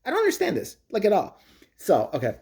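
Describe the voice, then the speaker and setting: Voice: medium pitch, huge pitch swings, fast, gravelly, darkish tone. A vlogger ranting crudely and mockingly, swearing often in a comedic monologue. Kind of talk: profane comedic rant.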